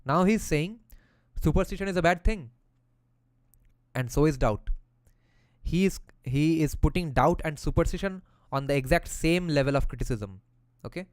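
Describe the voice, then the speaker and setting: A man's voice: on the high side, normal speed, long pauses, no room sound. A man who reads passages from a philosophy text aloud and explains them in a casual way, using slang and the odd swear word.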